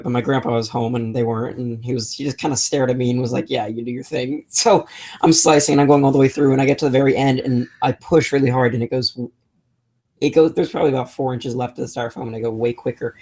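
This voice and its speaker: A man's voice: medium pitch, fairly even intonation, fast talker, darkish tone. A young adult man co-hosting a maker podcast, telling rambling stories in casual chat with many restarts. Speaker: podcast co-host.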